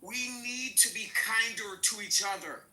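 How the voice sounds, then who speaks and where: A woman's voice: medium pitch, a little slow, bright, forceful tone, roomy sound, rough recording. A woman speaking as a panel guest, tearful and pleading, her voice breaking as she repeats herself. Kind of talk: emotional panel talk.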